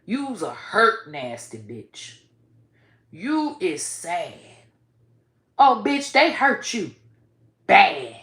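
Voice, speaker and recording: A woman giving blunt, profane commentary with sudden loud outbursts. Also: medium pitch, very animated, drawn-out words, pauses often, roomy sound. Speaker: online commentator. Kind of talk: casual commentary.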